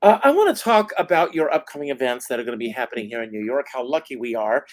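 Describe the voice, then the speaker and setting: An enthusiastic male host on a video call whose pitch swings up and down as he talks. The sound is dry and close, with no room around it. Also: expressive, quick pace, dry recording. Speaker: talk show host. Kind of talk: casual interview.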